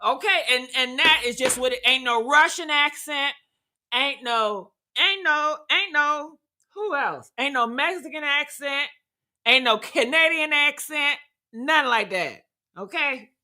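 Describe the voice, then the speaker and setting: A woman hosts a live reaction talk, speaking loudly and bluntly with plenty of profanity. Her voice sits high and sounds very bright and sharp. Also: animated, unhurried. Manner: loud, blunt, profane, emphatic. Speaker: commentator reacting to comments.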